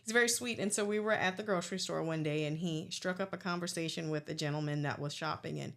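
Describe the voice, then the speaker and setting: A woman's voice: low-pitched, quick pace, gravelly, fairly bright tone. A woman hosting a podcast, chatting earnestly and calling her guest "girl". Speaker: podcast host; salon owner. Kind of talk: casual chat.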